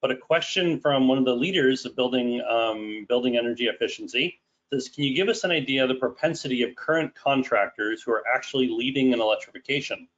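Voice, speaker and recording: A man moderating an audience Q&A on a webinar, reading out questions in a measured way. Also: medium pitch, fairly bright tone. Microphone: video call. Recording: dull lo-fi call audio.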